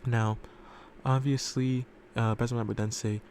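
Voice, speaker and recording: A man's voice: fairly low pitch, level tone, fast, darkish tone, a little hiss or hum. A man telling a fan story casually, rambling with lots of fillers and loose swearing, recorded in a room at home.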